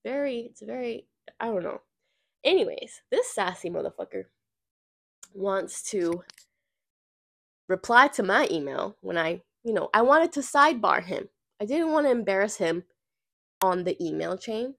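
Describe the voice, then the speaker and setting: A woman's voice: medium pitch, moderate pace, gravelly, long pauses. A woman hosting a podcast, telling a workplace story in a casual rant. She is sassy and profane, and she acts out the people she quotes. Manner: lively storytelling with acted-out quotes. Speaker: podcast host. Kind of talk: casual ranting monologue.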